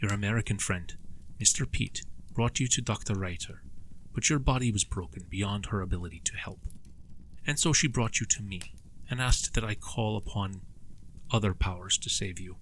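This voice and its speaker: A man doing Father Vadim, a gentle Romanian priest. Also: fairly low pitch, moderate pace, slight background noise, natural voice, poor audio. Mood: grave, gentle. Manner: gentle, grave, apologetic. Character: kindly Romanian village priest, large, calm.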